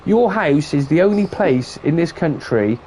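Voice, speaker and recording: A man with a high voice chats away while he streams a farming game. He tells long stories, swears freely and acts out what other people said. A faint hiss sits under his voice. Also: animated, measured pace, a little mellow. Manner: chatty storyteller, swears freely, acts out dialogue. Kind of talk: casual chat while gaming.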